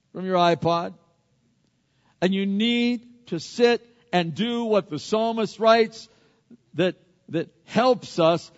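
A man preaching a sermon, swinging between loud emphatic peaks and quiet hushed asides. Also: high-pitched. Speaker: pastor. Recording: dull lo-fi sound with long hall reverb.

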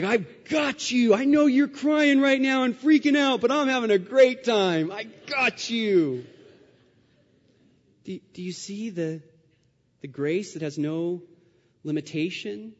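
A male pastor preaching a sermon, earnest and repetitive, building his phrases up to loud, emphatic rises. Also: medium pitch. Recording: dull sound with long hall reverb.

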